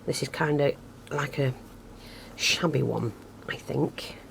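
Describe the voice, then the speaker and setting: A woman's voice: low voice, slow, vocal fry, slight background noise. A woman giving a casual craft tutorial, chatty and self-deprecating, thinking aloud as she works close to the camera. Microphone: camera close to her hands, picks up breathing.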